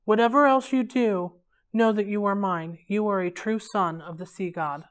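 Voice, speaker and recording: A woman's voice: mid-range voice, moderate pace, natural voice. A woman reading aloud, voicing a solemn, commanding sea god speaking to his son.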